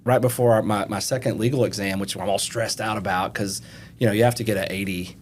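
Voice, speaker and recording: Middle-aged Kentucky man, lower voice, animated storyteller, faint rumble. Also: quick pace. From Eastern Kentucky, USA. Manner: animated storyteller, acts out quotes. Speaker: FBI agent, podcast guest. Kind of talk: casual interview storytelling.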